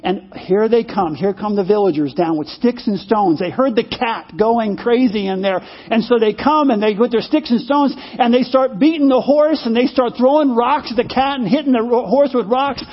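A male preacher delivers a sermon like a conversation, weaving in a story and asking his listeners questions. His voice is very high and husky. The recording sounds slightly muffled. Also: normal speed, hardly any pauses. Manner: conversational, repeats phrases, asks the audience.

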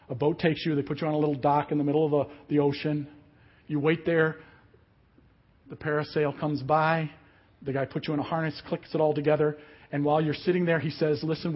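Pastor, male, husky higher voice, sermon with vivid storytelling, dull lo-fi audio. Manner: animated storytelling, acts out quotes.

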